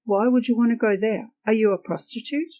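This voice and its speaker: Brief: woman playing a nosy, pushy male cabbie in a told story, quick and raised in pitch. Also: warm tone, a little hiss or hum, close to an everyday voice. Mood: prying. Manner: quick, prying, insistent.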